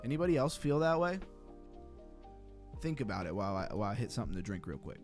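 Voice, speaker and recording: A man's voice: lowish voice, very animated, fast, over music. A man hosting a livestream, giving blunt, skeptical commentary and reacting to viewer comments in a casual chat. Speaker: crypto livestream host.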